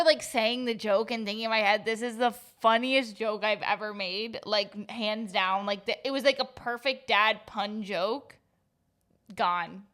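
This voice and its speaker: Bright-voiced young woman co-host. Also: a little high. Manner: animated, laughs often, heavy use of "like". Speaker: podcast co-host. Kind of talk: casual chat.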